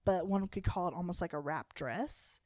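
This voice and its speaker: A woman's voice: on the low side, moderate pace, no echo, clean studio sound. A woman from the American South co-hosting a podcast, chatting casually and reacting with lots of laughter. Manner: expressive reactions, frequent laughter. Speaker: podcast co-host. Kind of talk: casual chat.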